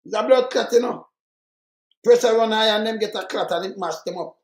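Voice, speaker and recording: Blunt older Jamaican man, high voice. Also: normal speed, roomy sound. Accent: Jamaican Patois. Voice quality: talks in Jamaican Patois, blunt and emphatic. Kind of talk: casual chat.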